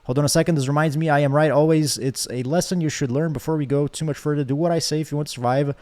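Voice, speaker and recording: A man's voice: on the high side, steady tone, fast talker, darkish tone, natural voice. A man voicing a domineering game narrator who threatens the player and insists on being obeyed. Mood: bossy. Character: bossy, menacing game narrator who controls everything. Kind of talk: reading game dialogue aloud.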